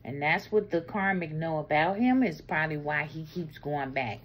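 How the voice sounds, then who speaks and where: A woman giving a casual tarot reading, talking bluntly and explicitly, swinging between loud bursts and low murmurs. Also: moderate pace, slight background noise. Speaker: tarot reader.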